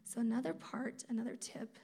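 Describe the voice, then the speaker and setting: A woman giving a sermon at a conference, conversational and animated, acting out quotes as she teaches. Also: fairly high pitch, fairly quick, gravelly, breathy edge. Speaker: speaker at a campus ministry conference.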